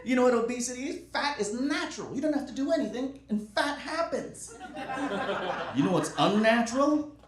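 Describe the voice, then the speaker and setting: A man with a high, very animated voice doing stand-up on a club stage, sarcastic and punchy in his delivery. His voice rings in an echoey room, and loud audience laughter rolls in behind him. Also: normal speed, crowd noise. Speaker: stand-up comedian. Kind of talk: stand-up comedy set.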